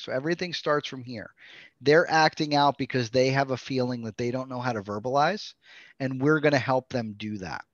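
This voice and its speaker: A man's voice: medium pitch, dry recording. Male trainer, mid-range voice, earnest lecturing tone, dull and dry video-call audio. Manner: earnest, checks in with "right?" and "okay?". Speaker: play therapy trainer.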